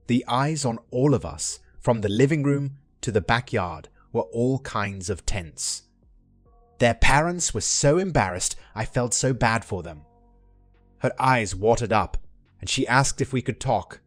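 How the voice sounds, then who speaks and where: A man narrating a first-person relationship drama in a steady scripted read. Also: mid-range voice, measured pace, dry recording, soft background music.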